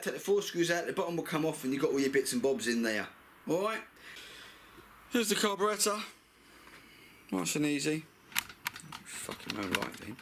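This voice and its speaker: A man's voice: a little high, fairly bright tone, a little hiss or hum. A middle-aged man with a blunt, chatty manner, talking through a scooter repair in a workshop and swearing freely. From United Kingdom. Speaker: mechanic vlogger. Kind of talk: casual repair tutorial.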